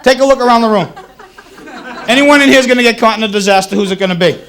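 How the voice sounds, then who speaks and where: On a comedy club stage, a laughing crowd listens to a Boston-area man in his thirties work through wry, self-mocking stand-up. The voice is very high-pitched and fairly bright, steady in tone and quick in pace. It was taped for 1980s cable television, laughter and all.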